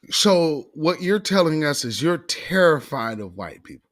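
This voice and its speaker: A man's voice: a little high, big pitch swings, unhurried, few pauses, a bit bright. A man hosting a talk show, delivering an opinionated monologue with emphatic sarcasm and calling his listeners family.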